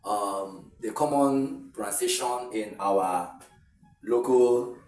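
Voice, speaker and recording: A man's voice: mid-range voice, slow, a little mellow, distant mic. Nigerian man tutoring in an echoey room. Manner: explaining step by step, repeats points, chuckles. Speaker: exam tutor. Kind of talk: video lesson.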